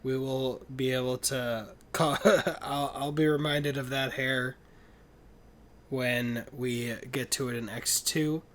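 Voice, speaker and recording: A man co-hosting a casual film podcast over a video call, upbeat, with quick asides and quoted movie lines. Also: medium pitch, fairly even intonation, fairly bright tone. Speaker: podcast co-host.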